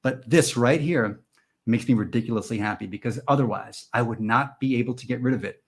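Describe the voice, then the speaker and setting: A man's voice: mid-range voice, a little fast, husky. Rambling, jokey live-stream host man. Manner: goofy, rambling, mock-indignant, jumps between loud bursts and mumbled asides. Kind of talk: joking live chat with viewers.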